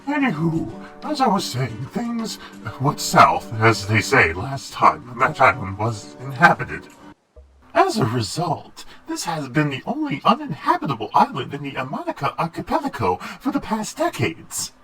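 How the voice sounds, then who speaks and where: A man's voice: mid-range voice, huge pitch swings, a little slow, bright, forceful tone, soft background music, exaggerated voice. A man voicing a theatrical, petty male island guide in a video game, resentful of his successful sister. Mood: scheming.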